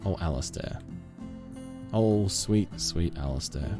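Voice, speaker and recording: A man's voice: sits low, animated, slow, music in the background. A man live-streaming a game, chatting casually with viewers in a goofy, self-mocking way.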